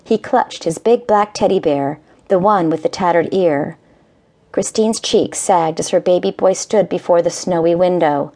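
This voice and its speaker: Woman, audiobook narrator, gentle measured delivery, somewhat low pitch. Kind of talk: scripted narration.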